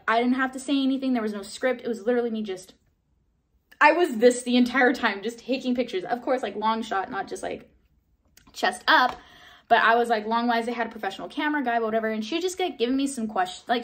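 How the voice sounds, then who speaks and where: A young woman in her twenties telling a casual vlog story, chatty, full of "like" and mild swearing, jumping into excited high bursts when she replays her own reactions. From Southern California. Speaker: vlogger.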